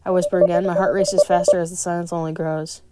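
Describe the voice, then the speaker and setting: A woman's voice: on the low side, little pitch movement, quick pace, very noisy. A woman reading a visual novel aloud as a gaming streamer, with wry, playful asides. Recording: game music playing behind.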